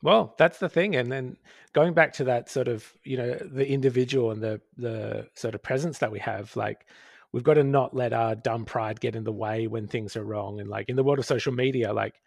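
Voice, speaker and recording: A man's voice: mid-range voice, normal speed, creaky, dry recording, studio quality. A man guesting on a podcast, talking in a reflective, rambling way with many fillers. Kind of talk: casual chat.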